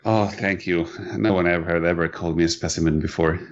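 A man playing a wry newcomer woman from another world, who speaks haltingly with many ums. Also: low-pitched, steady tone. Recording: dull, lo-fi mic.

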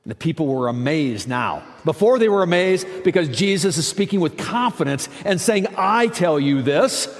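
This time the preacher keeps a moderate pace with hardly any pauses, his high voice emphatic and his intonation lively. Long reverb fills the church hall as he alternates plain conversational remarks, stressed declarative lines, and frequent asides to the congregation.

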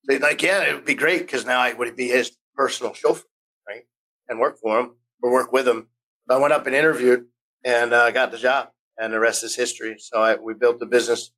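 Bright-voiced American man telling stories. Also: medium pitch, steady tone, brisk, low-quality recording. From United States. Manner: rambling, restarts often, acts out quoted voices. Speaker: podcast guest. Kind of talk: casual storytelling interview.

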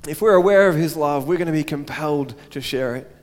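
Male pastor, earnest sermon delivery, rhetorical repetition, slightly high voice, echoing church. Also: a little fast. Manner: earnest, repeats phrases and asks rhetorical questions.

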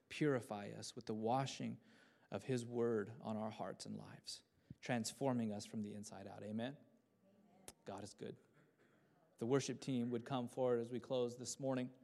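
A man in his thirties preaching a sermon at a church service, swinging between loud fervent passages and soft hushed ones. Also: medium pitch, creaky. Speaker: pastor.

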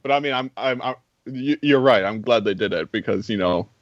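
A man's voice: medium pitch, brisk, dry recording, lo-fi sound. A man talking casually about a film, full of "like" fillers and incredulous asides. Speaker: film podcast co-host.

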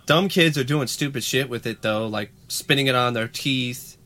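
A man's voice: mid-range voice, moderate pace, pushed and bright. A young man co-hosting a podcast, reading news stories aloud and joking sarcastically between them. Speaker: podcast co-host.

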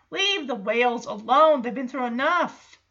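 A woman recaps a film in a casual, exasperated, chatty way. Her voice is bright and crisp. The recording sounds muffled and lo-fi. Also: on the high side, huge pitch swings, slow. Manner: exasperated, chatty, reacts to the story. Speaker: movie recap host. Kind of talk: casual movie recap commentary.

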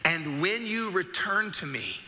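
Preacher voicing Jesus, gently slow. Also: male voice, high-pitched, very animated, slight background noise, full character voice. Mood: earnest. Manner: slow, earnest. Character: Jesus, calm, gentle man. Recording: echoey hall with faint music.

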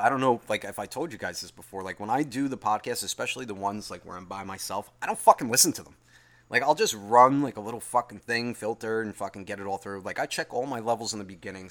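A man's voice: medium pitch, sharp tone. A man hosting a solo podcast who reads out listener email, then rambles and swears heavily as he gets worked up. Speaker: podcast host.

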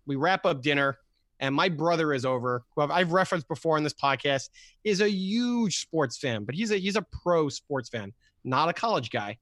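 A man co-hosting a sports podcast, telling animated stories and stumbling over repeated words. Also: a little high, moderate pace, no room sound. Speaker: podcast co-host. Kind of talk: casual sports podcast chat.

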